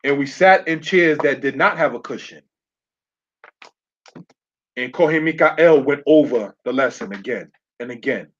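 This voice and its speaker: A man's voice: medium pitch, a bit bright. A man teaching a sermon to his congregation, working through slides, repeating key phrases and checking in with his listeners. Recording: dull lo-fi sound.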